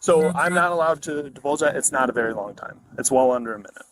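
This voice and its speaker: A male police officer calmly giving field sobriety test instructions at a roadside stop. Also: mid-range voice. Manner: calm, measured, procedural. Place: outdoors at a roadside traffic stop. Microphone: body camera. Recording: faint noise, body camera audio.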